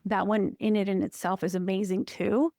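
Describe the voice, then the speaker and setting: A woman counselor, a guest on an interview podcast, telling personal stories in an expressive, emphatic way. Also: medium pitch, normal speed, dry recording, studio quality. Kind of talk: personal conversational interview talk.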